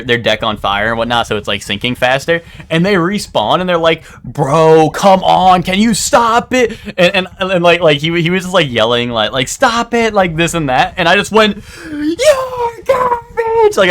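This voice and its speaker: A young man streaming live, chatting casually and rambling, with animated bursts into loud outbursts. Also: mid-range voice.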